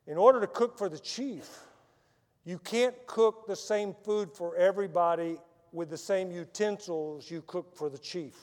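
Dramatic man preaching in a reverberant hall. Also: high voice. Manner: dramatic storyteller, swinging from loud emphasis to hushed soft lines. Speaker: missionary preacher. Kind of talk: sermon with personal storytelling. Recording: long reverb of a large hall.

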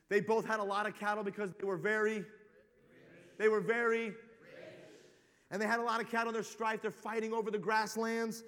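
A man preaching a sermon, telling a comic story in an animated, rambling way, with lots of "like.". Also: high-pitched, moderate pace, long pauses, big-room sound.

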